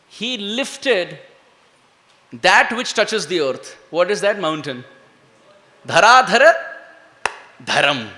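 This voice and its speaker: A man giving an animated devotional talk, drawing the audience into call and response. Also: high voice. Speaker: devotional speaker. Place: temple hall. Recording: echoey hall.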